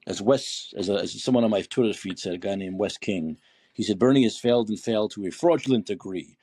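His voice sits on the low side, dark and breathy, and he talks briskly in a dry recording. As host of a political call-in podcast, he delivers a heated, indignant commentary monologue, swearing, asking rhetorical questions, and quoting listener posts from his feed.

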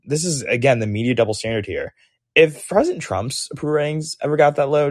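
A young man hosting a podcast, giving opinionated political commentary in a sarcastic, animated way, full of "like" and "um". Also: medium pitch, no echo, clean studio sound. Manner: animated, sarcastic, heavy use of "like" and "um". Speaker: podcast host.

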